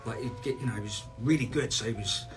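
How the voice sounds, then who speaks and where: A man from Scotland with a Scottish accent, telling stories in a relaxed, casual chat as a guest on a live signing stream, often restarting his sentences. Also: medium pitch, quick pace, music in the background. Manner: relaxed storyteller, trailing restarts. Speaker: celebrity guest.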